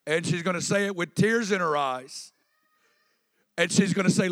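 High-pitched guy preaching in a church, chatty, keeps getting the crowd to repeat stuff, long reverb in the hall. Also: normal speed, a bit bright. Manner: conversational preaching that prompts the congregation to respond. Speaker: pastor. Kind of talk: sermon.

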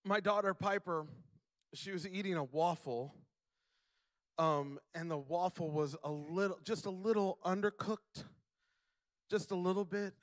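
High-voiced, emphatic young preacher man. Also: no room sound, studio quality. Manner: emphatic, slowing down to stress key words; builds to loud, high-pitched preaching. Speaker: pastor; father. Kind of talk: sermon.

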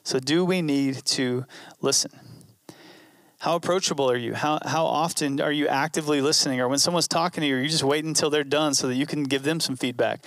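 Male pastor, earnest and conversational, repeats lines for emphasis; voice on the higher side. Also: a little fast, a bit bright, dry recording, studio quality. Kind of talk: sermon.

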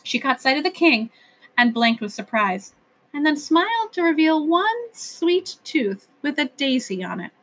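A woman reading a children's novel aloud as narrator, with gentle, expressive storytelling. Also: high voice, a little slow.

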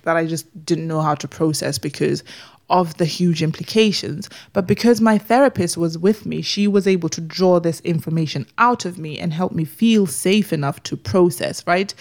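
A woman's voice: fairly low pitch, darkish tone. A woman hosting her own podcast, speaking earnestly and pleading, often repeating words as she talks through a personal story. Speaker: podcast host.

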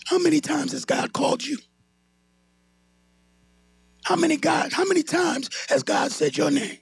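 A man's voice: very high-pitched, animated, a little slow, vocal fry, dry recording. A man preaching a sermon, calling on the congregation to answer him and building into a sung, whooping delivery. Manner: calls on the congregation to respond, rising into a sung whoop.

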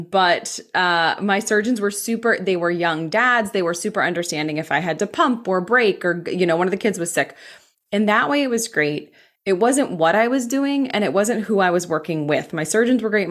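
An American woman in her thirties, a physician assistant, telling a personal story candidly with quick bursts and frequent "like". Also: fairly low pitch. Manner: candid, animated, fast bursts with filler likes.

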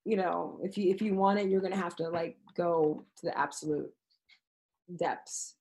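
A woman's voice: fairly low pitch, normal speed, darkish tone, poor audio. Frank, earnest woman talking casually. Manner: earnest and frank, swears freely, laughs easily. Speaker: teacher, podcast guest. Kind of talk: casual, candid interview talk.

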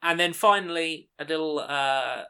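A man's voice: fairly high pitch, moderate pace, gravelly, sharp tone, clear, resonant tone. A man hosting a casual film podcast, running through a list of titles in short bursts. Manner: listing titles in short bursts, laughs often. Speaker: podcast host listing films.

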